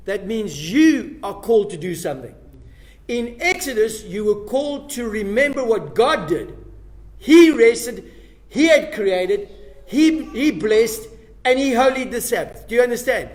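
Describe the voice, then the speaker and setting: A man leads a Bible study class, speaking in a noticeably high register. He is emphatic and keeps turning questions back to the people sitting in front of him. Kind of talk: Bible lesson to a live class.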